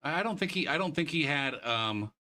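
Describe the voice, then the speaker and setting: A young man with a rather high, animated voice talks a little fast. Streaming a kart racing game, he rants and swears about a lost race and shouts in disbelief at the replay, all in casual gaming commentary.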